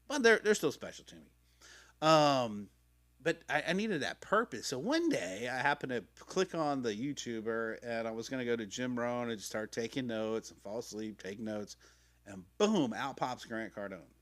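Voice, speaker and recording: A man's voice: medium pitch, animated, moderate pace, fairly bright tone. A middle-aged man hosting a podcast, telling his story in a rambling, slangy way, swearing freely and acting out quotes. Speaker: podcast host. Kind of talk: casual personal storytelling. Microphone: podcast mic.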